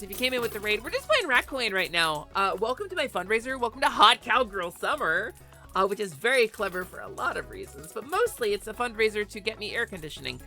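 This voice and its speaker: Brief: woman game streamer, animated and foul-mouthed, bright voice, lively swooping pitch, faint music behind. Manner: animated, chatty, swears freely. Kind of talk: casual live gaming stream chat. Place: home office.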